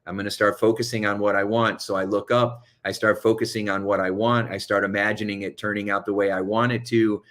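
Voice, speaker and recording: A man, a hypnotherapy coach, talking fast and urgently as he gives motivational self-help advice on calming anxiety. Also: lowish voice.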